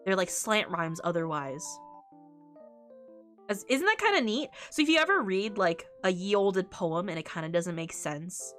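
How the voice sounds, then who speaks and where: A woman's voice: lowish voice, animated, normal speed, a bit bright, faint music behind. A woman streamer in a casual, rambling chat, often breaking into laughter.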